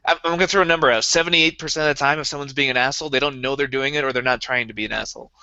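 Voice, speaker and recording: A man with a bright, forceful tone speaks quickly in a casual podcast chat, chiming in and agreeing. His voice is dry and close on the mic, and the recording sounds a little dull. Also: medium pitch, fairly even intonation, clean tone, dry recording.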